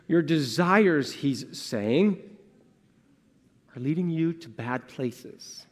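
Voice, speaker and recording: A man's voice: a little high, slow pace. Earnest male pastor in a reverberant sanctuary. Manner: earnest, swings between emphatic and hushed, asks rhetorical questions. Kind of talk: sermon. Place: church sanctuary. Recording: long church reverb.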